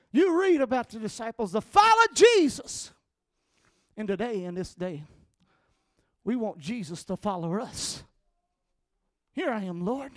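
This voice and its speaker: Southern male pastor, very high pitch, dry close mic, emphatic sermon delivery with shouted peaks. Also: no echo. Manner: emphatic, calls for amens, rising to shouts.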